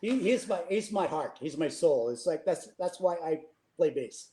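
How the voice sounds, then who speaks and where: An older man guesting on a rock interview as a bass player, speaking in a heartfelt way and laughing easily. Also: expressive, moderate pace, warm tone, slight background noise. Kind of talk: casual interview chat.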